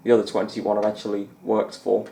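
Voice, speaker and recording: A man's voice: on the low side, monotone, a little fast, creaky, dark tone, echoey room, a little hiss or hum. A young man chatting casually over a snooker game as a gaming YouTuber, rambling and laughing often. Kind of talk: let's-play commentary.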